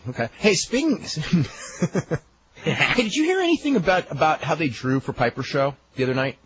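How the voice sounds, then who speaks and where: A man's voice: fairly high pitch, big pitch swings, moderate pace. A man hosting a talk radio show, chatting casually and telling rambling stories with chuckles. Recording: dull lo-fi archive radio with faint hiss.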